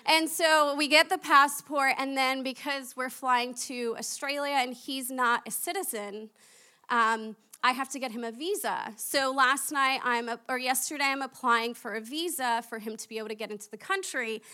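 High, bright-voiced young woman preaching. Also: normal speed. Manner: chatty and animated, laughing at herself. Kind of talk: sermon.

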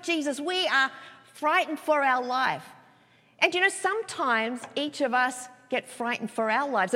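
A woman pastor preaching a sermon, telling a story with expressive delivery and many rhetorical questions. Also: high-pitched, big-room sound.

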